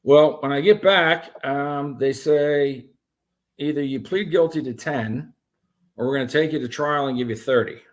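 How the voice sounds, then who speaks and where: A man telling his own story as an interview guest, animated and profane, with many restarts. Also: fairly high pitch, measured pace.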